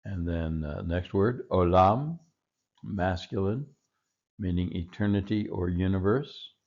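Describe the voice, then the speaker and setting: A man teaching a recorded Hebrew vocabulary lesson, patiently repeating each word slowly. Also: low-pitched, warm tone, dull audio.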